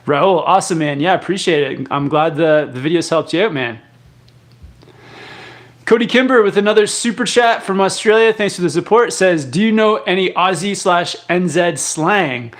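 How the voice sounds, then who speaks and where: A young Canadian man with a high voice hosts a live stream at normal speed, reading viewer comments aloud and answering them. He's relaxed and rambling, with many fillers and restarts.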